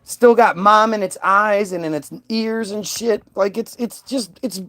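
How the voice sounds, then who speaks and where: A man's voice: high-pitched, a little slow, a bit bright. A man talking in a heated, profane, unscripted monologue, stumbling and restarting his sentences as he goes. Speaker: vlogger.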